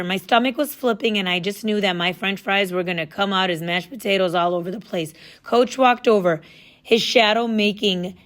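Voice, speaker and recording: A woman reading a first-person story aloud in a casual, lively storytelling manner. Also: medium pitch. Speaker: audiobook narrator.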